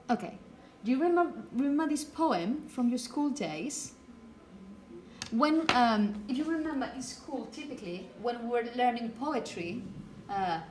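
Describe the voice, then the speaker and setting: This woman's voice is on the high side, with a little background noise present. She is a Spanish teacher, Spanish being her first language and audible in her accent, explaining phonetics to a class and regularly pausing to ask "okay?".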